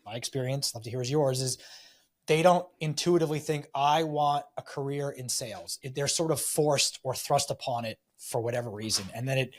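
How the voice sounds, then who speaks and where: A man as a podcast guest, talking casually in an energetic, rambling way and briefly acting out the voices of people he quotes. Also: mid-range voice, fairly quick. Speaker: podcast guest, real estate investor and tech salesman. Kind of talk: casual storytelling interview.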